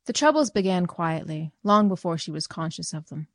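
A woman reading a short story aloud in measured, clear scripted narration. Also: lowish voice, animated, no echo, clean studio sound. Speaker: reader.

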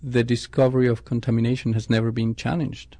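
A man's voice: mid-range voice, level tone, a little fast, warm tone, no echo. A man, a scientist, answering interview questions thoughtfully, often restarting his sentences. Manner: thoughtful, with frequent restarts and self-corrections.

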